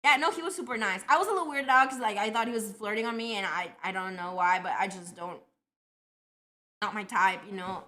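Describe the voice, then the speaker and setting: A woman's voice: medium pitch, brisk, bright, forceful tone. A young woman with a Colombian accent, long living in Canada, chatting casually with her stream audience and telling rambling, self-deprecating stories. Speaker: livestreamer.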